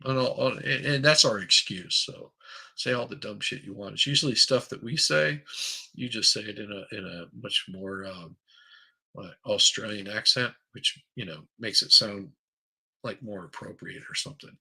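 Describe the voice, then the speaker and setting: Gravelly, husky-voiced male streamer. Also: lowish voice, moderate pace, pushed and bright, rough recording. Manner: rambling, crude, reads chat aloud. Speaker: livestream host. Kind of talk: casual live-stream commentary.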